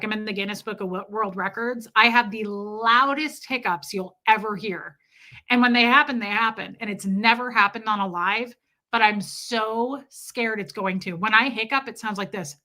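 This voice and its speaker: Bright, crude-talking woman streamer. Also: fairly high pitch. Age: 40s. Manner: crude, candid, chatting with viewers. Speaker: live streamer. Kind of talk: casual live stream chat.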